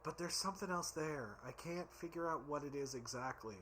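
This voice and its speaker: A tipsy man reviews drinks in a loose, rambling vlog. His voice is bright and sits a bit high, and he keeps tripping over his words. A faint hiss of noise sits under the recording. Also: fairly quick.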